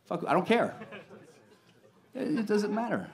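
A male comedian works a club stage with a handheld mic, talking brashly and swearing freely. His speaking voice sits a little higher than most men's. It is a punchy stand-up delivery. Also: sing-song, a little slow, creaky, darkish tone.

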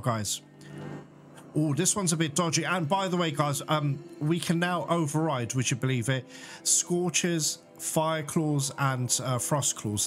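A man giving chatty let's-play commentary on a game, excitable and quick to panic and laugh. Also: on the high side. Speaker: gaming YouTuber. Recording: game music playing loud behind the voice.

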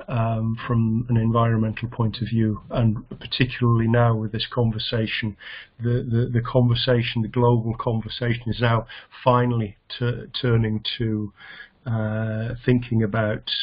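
Teacher, male, level monotone delivery, hesitant with fillers, muffled lo-fi call audio. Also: medium pitch. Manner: hesitant, many fillers and restarts. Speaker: English teacher. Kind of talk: online lesson. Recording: dull lo-fi video call audio.

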